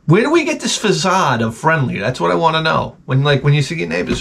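Profane, animated storytelling man. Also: fairly high pitch, quick pace, vocal fry, hardly any pauses, slight background noise. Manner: profane, animated, puts on mocking voices. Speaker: retro gaming vlogger. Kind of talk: rambling comedic storytelling.

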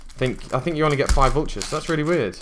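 A man's voice: on the high side, expressive, fast talker, noisy background. A young man chatting casually as he opens card packs, musing aloud with many ums and uhs. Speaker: card-opening YouTuber. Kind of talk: casual unboxing commentary.

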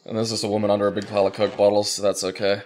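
A man's voice: fairly low pitch, monotone, rapid-fire, a little mellow. A man playing a game and chatting casually, rambling and full of "like" fillers. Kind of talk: casual chat over gameplay.

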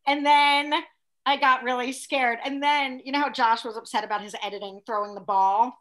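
A young adult woman co-hosting an aftershow, talking in an animated, rambling way and acting out her reactions. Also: high-pitched, moderate pace. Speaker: aftershow co-host. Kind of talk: casual chat.

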